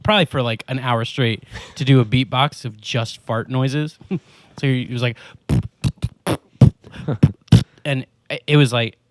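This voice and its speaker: A man's voice: medium pitch, fairly even intonation, moderate pace, dry recording. A young man in his twenties hosting a podcast, chatting casually with friends, rambling and laughing as he talks. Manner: laid-back, rambling with restarts and laughs. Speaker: podcast host. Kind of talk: casual chat.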